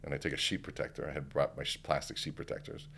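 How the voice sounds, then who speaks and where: A man's voice: extremely low pitch, fast talker, vocal fry, slight background noise. A man telling a story in casual conversation as a podcast guest, acting out what people said. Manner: animated, acts out quoted dialogue. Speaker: podcast guest, keynote speaker.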